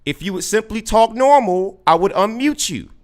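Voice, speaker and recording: A man's voice: high voice, expressive, normal speed. A man hosting a podcast, taunting and mocking a caller with sarcastic, repeated questions and frequent stammered restarts. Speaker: podcast host. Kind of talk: combative live podcast talk with a caller.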